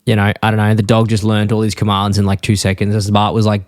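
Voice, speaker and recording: A man co-hosting a podcast in a casual chat, rambling and acting out characters' lines in a high voice. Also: completely flat delivery, fast, darkish tone, dry recording, clean studio sound. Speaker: podcast co-host.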